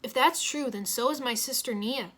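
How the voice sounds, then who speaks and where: A hotheaded young male ninja taunts his rivals with brash confidence, as a woman voices him. The tone is bright and forceful. It has the sound of a storybook reading. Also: on the high side, moderate pace.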